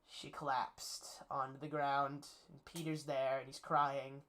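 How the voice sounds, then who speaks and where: A fairly bright, mid-range male voice keeps a measured pace and fairly even intonation, barely pausing. The speaker, a movie reviewer, eagerly rambles through a casual plot recap full of spoilers and fillers, clearly enthusiastic.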